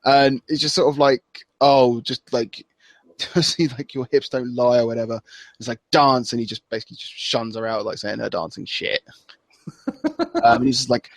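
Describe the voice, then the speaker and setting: This man's gravelly, medium-pitched voice stays fairly even at a normal speed, with no room sound. Co-hosting a podcast, he rambles through a casual recap, laughing as he performs the wrestlers' lines.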